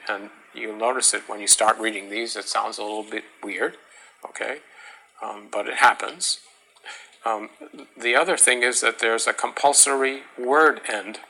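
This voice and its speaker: A man giving a classroom lecture on meter, talking haltingly with many fillers and restarts, and chanting rhythm syllables to demonstrate. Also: fairly low pitch, gravelly, pushed and bright, poor audio. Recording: faint background noise.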